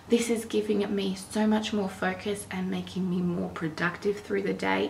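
Brief: Australian woman, 20s, mum vlogger, chatty and casual, a bit of fry in the voice, recorded on a distant camera mic with room echo and background noise. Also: mid-range voice. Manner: chatty, keeps addressing viewers as "you guys". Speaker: vlogger, stay-at-home mum. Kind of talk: casual chatty vlog talk to viewers. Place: at home, indoors and in the backyard.

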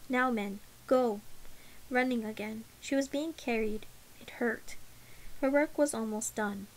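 A woman reading an audiobook in a measured, unhurried way. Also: a little high, rough recording. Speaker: audiobook narrator. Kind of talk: audiobook narration.

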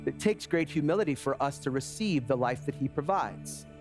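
A man in his forties preaching a sermon as pastor, telling lively stories before slowing to a quiet, earnest close. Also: mid-range voice, faint music behind. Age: 40s. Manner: animated storytelling that drops to a quiet, slow, earnest close.

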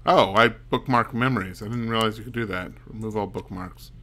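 Bright-voiced male game streamer. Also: fairly low pitch, fairly quick. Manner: thinking aloud, muttering while puzzling. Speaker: streamer playing a mystery game. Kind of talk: casual let's-play commentary.

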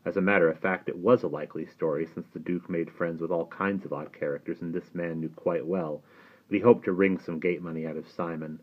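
A man reading a novel aloud in steady audiobook narration. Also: sits low, brisk. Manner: steady storytelling. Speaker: audiobook reader. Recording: tinny phone-like sound.

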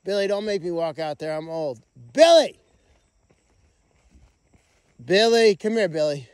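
This middle-aged man, a sanctuary caretaker, livestreams casually from a farm, talking to rescue pigs outside and shouting their names. He speaks a little fast in a clear, resonant, highish voice, recorded at studio quality with no room sound.

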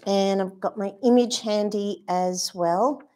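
A woman's voice: mid-range voice, fairly even intonation, slow pace, dark tone. A woman teaching watercolour painting in a live demonstration. She chats and thinks aloud as she paints, and she gushes about colours and brushes. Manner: chatty, thinks aloud while painting, gushing.

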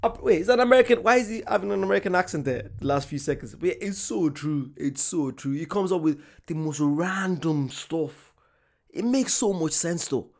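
A man's voice: a little high, lively intonation, normal speed, vocal fry, a little mellow. A man in his twenties hosting a reaction video, chatting casually, laughing along and repeating punchlines. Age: 20s.

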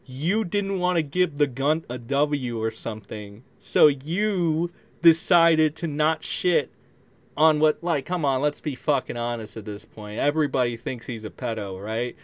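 A man's voice: a little high, unhurried, no echo. A man doing casual reaction commentary on a call, swearing freely and mocking with laughing asides. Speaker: commentary streamer.

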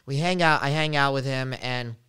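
A young man hosting a podcast, telling a travel story in an animated, casual way with lots of fillers. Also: mid-range voice, moderate pace. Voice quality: very clear voice.

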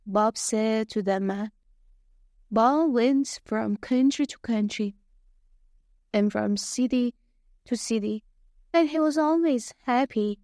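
A woman narrates a simple story with slow, deliberate care, spacing each word so learners can follow. Her voice sits a little high. It is recorded close and dry, with no room sound. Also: darkish tone, dry recording. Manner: slow, careful, clearly spaced reading.

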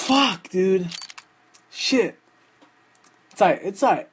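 A young man hosting a gaming channel, giving excitable, profane live commentary while opening game cases, swinging between hype and groaning despair. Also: high voice, slow pace, long pauses, a little hiss or hum.

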